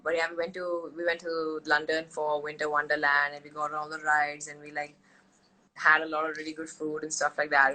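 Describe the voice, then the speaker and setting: Bright, chatty young woman guest. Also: sits low, poor audio. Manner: chatty, animated storytelling with quoted voices and laughs. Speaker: interview guest. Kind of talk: casual chat.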